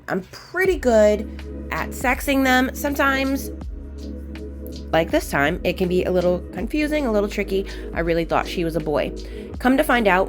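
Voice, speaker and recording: A woman hosting a nail art channel, talking casually while she works, rambling along with fillers and repeating words for emphasis. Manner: talks to her cat in a high squeaky voice. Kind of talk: casual chatty tutorial narration.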